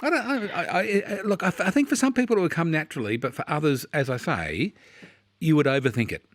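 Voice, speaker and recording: Australian male radio host, quick, lively, dry studio sound. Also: on the high side, no room sound. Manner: quick, with restarts and hesitations. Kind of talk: radio interview.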